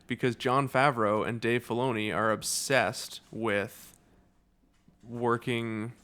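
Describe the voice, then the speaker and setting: A man's voice: medium pitch, level tone, takes it slowly, a bit bright, smooth. A man co-hosting a podcast in casual chat, rambling with lots of fillers and jokes. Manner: rambling, filler-heavy, jokey. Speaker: podcast co-host.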